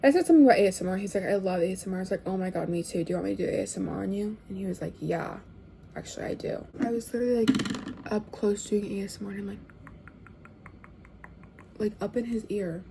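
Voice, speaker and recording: A young woman telling a casual storytime, chatty and full of fillers, often dropping to hushed tones. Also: medium pitch, fast, pauses often, background noise.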